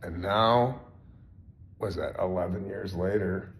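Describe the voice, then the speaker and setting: A man's voice: low voice, slow. A man co-hosting a podcast, talking loosely with swearing and calling people bro, then reading an ad. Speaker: podcast co-host. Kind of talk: casual podcast chat and ad read.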